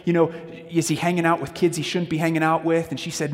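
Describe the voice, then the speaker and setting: A man delivers a sermon-style talk on parenting, speaking a little higher than most men. He tells stories in a loose, conversational way and addresses the audience directly. His voice rings out with the long reverb of a large hall. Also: little pitch movement, quick pace, few pauses.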